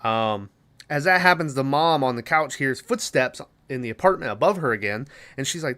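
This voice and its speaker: A man's voice: medium pitch, expressive, moderate pace, bright, forceful tone. A man hosting a podcast, casually and profanely rambling through a movie plot with lots of fillers. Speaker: podcast host.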